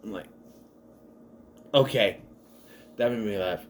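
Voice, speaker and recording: A man's voice: lowish voice, slow. A man giving a casual, rambling movie recap, laughing at the gags and acting out quoted lines. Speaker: movie reviewer.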